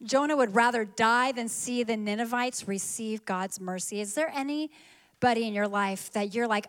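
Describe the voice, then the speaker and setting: A woman preacher giving an animated sermon and calling on the congregation to repeat lines after her. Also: a little high, normal speed.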